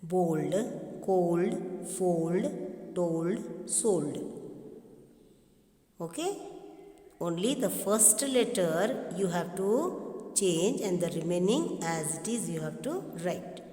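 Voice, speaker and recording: Slow, repeating Indian English woman teacher. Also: fairly low pitch, animated, dark tone. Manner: slow, repeats each phrase, dictating. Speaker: primary school English teacher. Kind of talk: classroom revision lesson. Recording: echoey room, long reverb.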